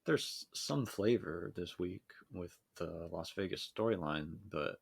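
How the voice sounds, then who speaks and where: A man co-hosting a casual podcast in a very low, gravelly voice with a husky edge. He speaks in a measured, hesitant way and pauses on fillers. The recording is dry and close. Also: expressive, no room sound. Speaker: podcast co-host.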